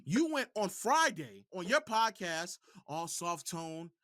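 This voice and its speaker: A man's voice: high-pitched, sing-song, takes it slowly, a bit bright, no echo, studio quality. A man co-hosting a podcast, making pointed, sarcastic remarks in casual talk. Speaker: podcast co-host. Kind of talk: casual reaction chat.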